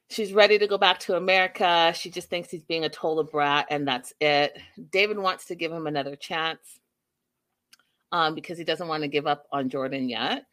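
A young woman hosts a casual recap show, animated and opinionated as she retells what happened and reads out viewer comments. Her voice is bright and forceful but sits a little low. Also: normal speed. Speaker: reality TV recap host.

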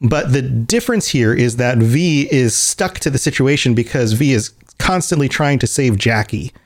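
A man's voice: mid-range voice, expressive, normal speed. A man co-hosting a casual podcast, talking in a rambling way with many restarts, laughing as he acts out scenes. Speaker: podcast co-host. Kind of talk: casual chat.

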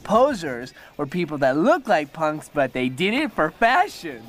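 A man's voice: fairly high pitch, sing-song, measured pace, fairly bright tone, faint music behind. An actor playing an angry young male punk who rants with profane, sardonic scorn, in a clip from a film. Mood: ranting.

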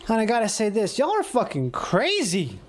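Here the podcast host has a high-pitched voice whose pitch swoops wildly, and he speaks at a moderate pace. Alone on his own show, he rambles casually, curses freely, and keeps laughing between phrases.

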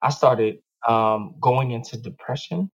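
Husky-voiced man, reflective chat. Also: mid-range voice, measured pace, poor audio. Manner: animated, reflective, laughs often. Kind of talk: casual chat.

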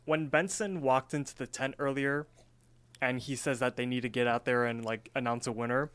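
A man's voice: medium pitch, normal speed, smooth. Man retelling a cartoon with voices. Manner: animated retelling that acts out the characters' lines. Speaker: podcast co-host. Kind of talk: casual recap chat.

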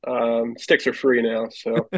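A man's voice: medium pitch, completely flat delivery, takes it slowly, a bit bright, no echo, poor audio. A man, a former hockey goalie, telling rambling stories as a podcast guest and laughing often. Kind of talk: casual storytelling.

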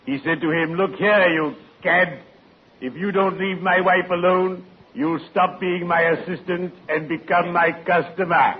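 A pompous, scheming neighbor delivers dry, wordy wisecracks in a slightly raised voice. The 1940s radio comedy audio is tinny and carries a faint hiss. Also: male voice, high voice, steady tone, a little slow. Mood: smug.

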